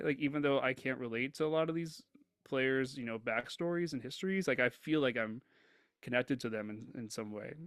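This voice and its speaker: A man's voice: medium pitch, fairly bright tone, clear, resonant tone, no echo, clean studio sound. A man co-hosting a movie review podcast, giving his earnest opinion with frequent hesitations. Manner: earnest, hesitant, lots of ums and likes. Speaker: podcast co-host. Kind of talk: casual movie review chat.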